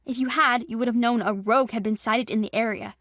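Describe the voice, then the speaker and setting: A woman's voice: a little high, fairly even intonation, fast talker, fairly bright tone, no echo, studio quality, close to an everyday voice. A woman voicing a protective young male cousin who scolds like an annoyed older brother. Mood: scolding.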